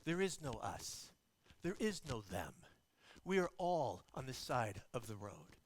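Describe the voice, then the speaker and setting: A man voicing an earnest teenager who speaks up quietly and firmly in a sermon story. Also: medium pitch, very animated, unhurried, pitched below the performer's own voice.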